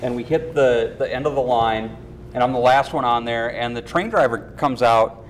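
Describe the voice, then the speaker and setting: A man from a comedy show's cast, telling deadpan stories and acting out the voices of the people in them. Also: mid-range voice, normal speed, slight background noise. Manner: deadpan anecdotes, acts out quoted voices. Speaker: cast member of a comedy show. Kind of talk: casual storytelling.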